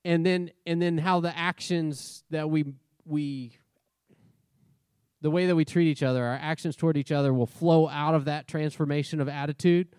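A pastor preaching a sermon in a conversational way, leading a prayer and often checking in with the congregation. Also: male voice, a little high, steady tone, moderate pace, darkish tone, smooth, no room sound, clean studio sound. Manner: conversational, asks the congregation questions.

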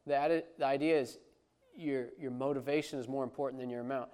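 A man's voice: mid-range voice, fairly even intonation, fast talker, mellow. A man preaching a sermon as a pastor, conversational and emphatic, with frequent restarts.

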